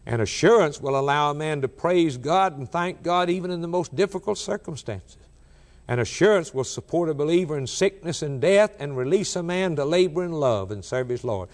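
A man preaching a sermon, emphatic and rhythmic, rising loud and dropping soft, slowing down when he quotes scripture. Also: on the high side, animated. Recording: long reverb of a large hall.

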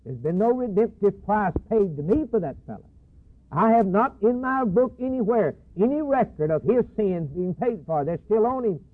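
A man's voice: high voice, animated, normal speed, pitched above the performer's own voice. A man preaching a sermon, acting out Justice as a firm, unyielding male judge. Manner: firm, final. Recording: husky tinny phone-like broadcast.

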